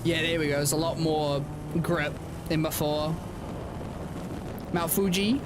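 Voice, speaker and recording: A woman's voice: sits low, measured pace, noisy background. A young woman racing driver streamer chatting casually with viewers, saying "like" a lot and laughing often. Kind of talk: casual livestream chat with viewers.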